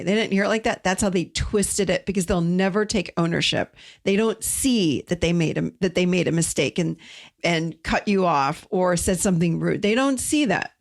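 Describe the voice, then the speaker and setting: A middle-aged woman hosting an advice talk on relationships, speaking emphatically and repeating key words for stress. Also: fairly low pitch. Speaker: podcast host.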